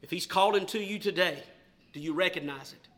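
A man preaching a sermon in church, moving from loud, emphatic declarations to slow, hushed questions to the congregation. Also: high voice.

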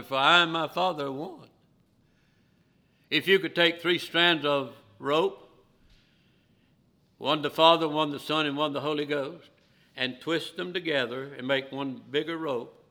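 A man preaching a sermon with fervor, his voice swinging from loud, emphatic lines to hushed ones. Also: a little high, creaky.

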